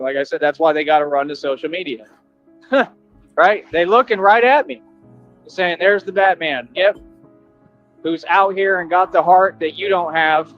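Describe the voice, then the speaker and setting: A man in a played clip, boasting in a confrontational, slangy monologue about running the streets. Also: a little high. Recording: dull lo-fi clip audio with music.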